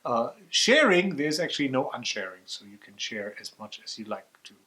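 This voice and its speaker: A man's voice: mid-range voice, big pitch swings, moderate pace, pushed and bright, rough recording. A young man whose first language is German co-hosts a casual board game vlog, making dry goofy jokes and stumbling over restarts. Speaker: vlog co-host.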